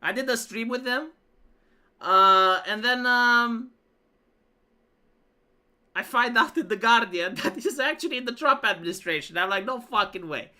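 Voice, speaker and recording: A woman's voice: on the high side, a little slow, pauses often, sharp tone. A woman live streamer telling a rambling, profane story in casual chat, full of fillers and restarts. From Romania.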